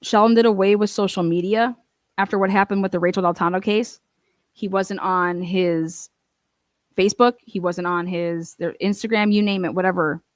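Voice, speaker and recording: A woman's voice: mid-range voice, fairly even intonation, normal speed, no echo. Woman host, mid-range voice, fired-up casual commentary, dry close sound. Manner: emphatic, indignant, with frequent fillers and asides. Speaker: true-crime advocate host.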